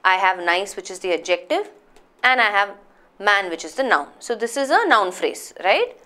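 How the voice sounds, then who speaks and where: A woman's voice: medium pitch, big pitch swings, moderate pace, pushed and bright. Woman teaching a grammar class. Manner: explains patiently, asks checking questions.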